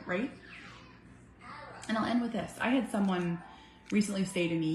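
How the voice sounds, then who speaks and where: A woman in her thirties, a mother talking heartfelt and earnest to her viewers, swinging from soft to emphatic. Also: fairly low pitch, fairly quick, gravelly, pauses often, a little hiss or hum. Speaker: vlogger, mother. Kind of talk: heartfelt casual talk to camera. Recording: echoey room with faint music.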